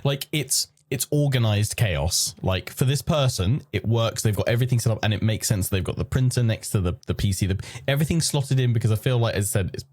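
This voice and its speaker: A man's voice: mid-range voice, a little fast, few pauses, darkish tone, no echo, studio quality. A man from the UK co-hosting a podcast, chatting casually and playfully, often restarting his sentences. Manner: rambling, self-interrupting, playful. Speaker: podcast co-host. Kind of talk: casual chat reviewing desk setups.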